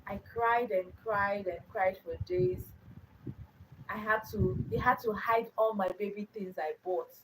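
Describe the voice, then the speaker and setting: A woman's voice: medium pitch, measured pace, far from the mic, noisy background. A young adult woman hosting her own channel, telling a personal story in an earnest way, repeating phrases for emphasis. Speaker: channel host.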